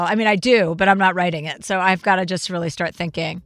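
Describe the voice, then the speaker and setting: A woman's voice: on the low side, steady tone, fairly bright tone, no room sound, studio quality. A woman hosting a podcast in casual chat, a stand-up comic who talks bluntly and swears freely. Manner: blunt, profane, fast-talking.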